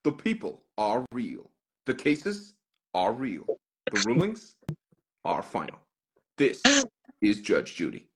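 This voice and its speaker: Irish guy doing a slow booming american tv announcer voice, dramatic. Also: huge pitch swings, noisy background, heavily acted. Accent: American, put on. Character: American TV court announcer, male adult.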